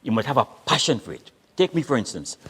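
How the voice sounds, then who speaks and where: A man's voice: medium pitch, quick pace, breathy edge. A man, an older Caribbean storyteller, performing comic stories and dialect poetry with a theatrical, playful delivery. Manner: lively, theatrical, playful voices and rhythmic delivery.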